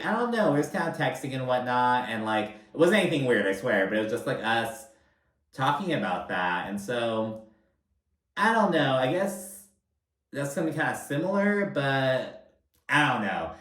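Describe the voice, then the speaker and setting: A man's voice: medium pitch, a bit bright, distant mic. A young man giving a casual, chatty reality-TV recap with lots of filler words and swearing. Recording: roomy sound, voice a bit off-mic.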